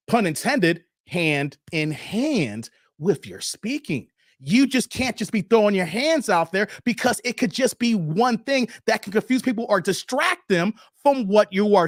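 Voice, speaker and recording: Man in his forties, livestream host, high voice, very lively, dry close sound. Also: no echo. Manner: animated, talks straight to chat viewers. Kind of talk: live reaction commentary.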